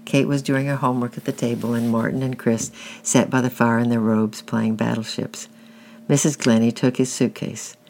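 A man reading a children's novel aloud in a plain, unhurried way, with occasional slips. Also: medium pitch, flat delivery, creaky, darkish tone, a little hiss or hum. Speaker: reader.

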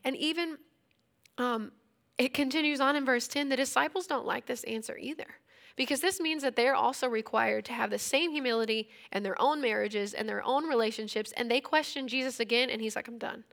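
A woman's voice: a little high, brisk, gravelly, a bit bright. A woman in her thirties teaching a Bible passage in a casual, conversational way. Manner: conversational, retells scripture in everyday speech.

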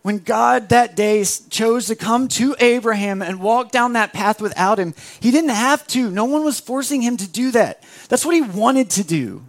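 A young adult man preaching a sermon with a gravelly voice, animated, acting out other voices as he tells the story. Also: extremely high pitch, moderate pace, few pauses. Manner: animated, acts out voices of biblical figures. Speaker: pastor.

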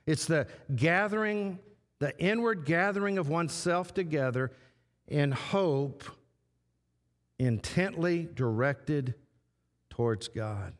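A man preaching a sermon as pastor, slow and repetitive, stressing short phrases again and again. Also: on the high side. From Texas. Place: church sanctuary. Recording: long church hall reverb.

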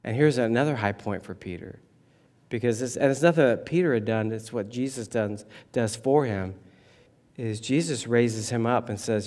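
A man preaching a sermon as a pastor, telling a story with lively shifts and acting out the voices of those he quotes. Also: medium pitch, moderate pace.

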